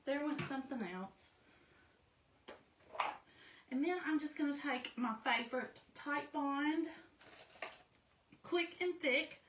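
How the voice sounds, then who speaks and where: A woman's voice: sits high, slow, long pauses, recorded from a distance, noisy background. A woman chatting casually and poking fun at herself as she walks through a craft project step by step. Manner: chatty, self-deprecating, explains each step as she works. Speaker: craft vlogger. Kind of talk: casual how-to chat while crafting. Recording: echoey room, voice a bit off-mic.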